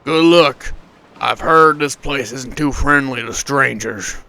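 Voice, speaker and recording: A man's voice: medium pitch, slow pace, vocal fry, sharp tone, heavily acted. A man voicing a vain ship captain who speaks brusquely and commandingly.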